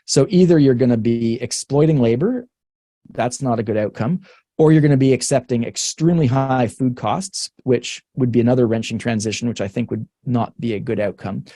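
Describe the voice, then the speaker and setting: A man's voice: medium pitch, moderate pace, mellow, dry recording, studio quality. A Canadian man, a researcher guest in a webinar conversation, talking frankly and thinking aloud with many restarts and the odd laugh. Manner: laughs between points.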